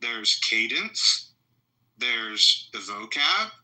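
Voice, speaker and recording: Man, measured, dry lecturing tone, bright voice. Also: medium pitch, very animated, poor audio. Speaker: debate panelist.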